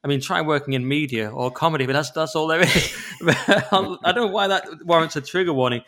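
A man's voice: on the high side, brisk, sharp tone. A man co-hosting a podcast in casual, jokey chat, laughing often. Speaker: podcast co-host.

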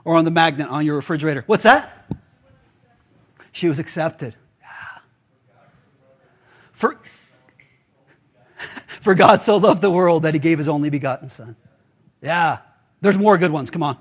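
A man's voice: a little high, a little slow, long pauses. A man preaching a casual, conversational sermon as pastor, often acting out quoted voices with filler words.

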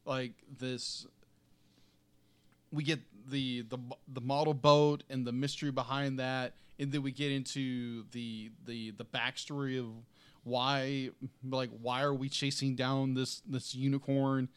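A man's voice: mid-range voice, little pitch movement, a little slow, clean tone, no room sound. Eager man gushing in a dry, close recording. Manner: enthusiastic, gushing, searches for words with many restarts. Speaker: movie review co-host. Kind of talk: casual review chat.

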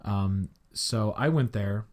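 A man's voice: fairly low pitch, slow, darkish tone. A young man from the Chicago area hosting a podcast, telling a story in a rambling, casual way full of fillers. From Chicago area, United States. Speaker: podcast host.

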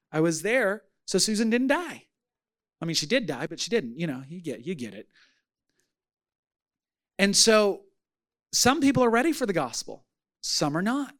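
A man preaching a sermon as pastor, telling a story with lively acted-out voices. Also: high voice. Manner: animated storytelling, acting out voices.

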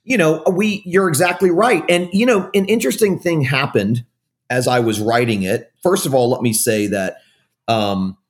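A man's voice: mid-range voice, moderate pace. A man speaking as a guest author in an interview, frank and self-deprecating, often restarting his sentences. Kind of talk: candid conversational interview.

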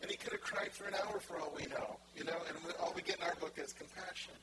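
Man, pastor, chatty sermon, slightly high voice, heavy background noise. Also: fast. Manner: conversational, animated preaching with acted-out quotes.

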